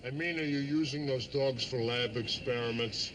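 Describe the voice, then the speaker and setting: An actor playing a hot-tempered police officer who talks bluntly and barks orders, in a television drama. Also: male voice, medium pitch, normal speed, background noise, close to an everyday voice. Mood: barking. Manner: blunt, barking. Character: gruff, hot-tempered street cop.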